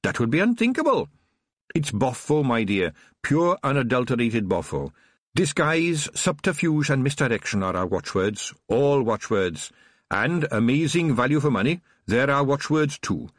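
This audiobook clip features a man voicing a honeyed, menacing old witch shopkeeper with gleeful relish. His mid-range voice is pushed upward and swings widely in pitch at a normal pace, captured cleanly in a studio without echo.

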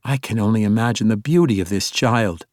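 A man's voice: on the low side, a little fast, darkish tone, dry recording, clean studio sound, close to an everyday voice. A man voicing an earnest, exuberant male monk who speaks formally and courteously in an audiobook.

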